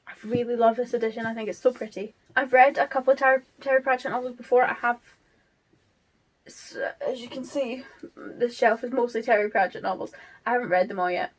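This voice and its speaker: A woman's voice: on the high side, fairly even intonation, fast. A woman, chatting casually about books as a vlogger, rambling with many fillers and restarts. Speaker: book vlogger. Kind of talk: casual chat.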